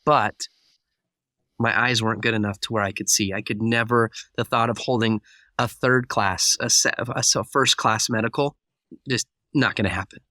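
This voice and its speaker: A man's voice: medium pitch, steady tone, normal speed, bright, forceful tone, no echo. A man telling a personal story as a podcast guest, acting out the dialogue vividly. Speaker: guest speaker.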